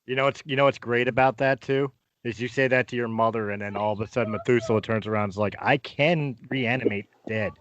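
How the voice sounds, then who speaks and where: A man's voice: medium pitch, level tone, quick pace, hardly any pauses, no room sound. A man playing in a tabletop role-playing game, wisecracking and laughing often. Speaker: player. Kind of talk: casual tabletop game talk. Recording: dull, lo-fi podcast audio.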